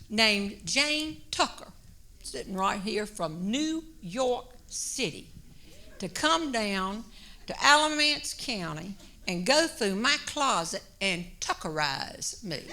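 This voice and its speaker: A woman spins a comic story from the stage in a high, ringing voice. She draws out her words and times each pause for the laugh. A faint hum of the audience sits behind her. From North Carolina. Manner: drawn-out, animated delivery with comic pauses. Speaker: humorist. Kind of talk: stand-up storytelling. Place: stage before a live audience.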